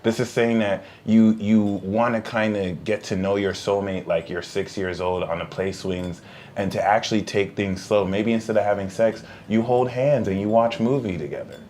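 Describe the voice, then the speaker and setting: Low-voiced man reading tarot, joking. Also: fairly even intonation, moderate pace, a little mellow, slight background noise. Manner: joking, laughs often, trails off mid-sentence. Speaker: podcast co-host, tarot reader. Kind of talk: casual tarot reading on a live stream.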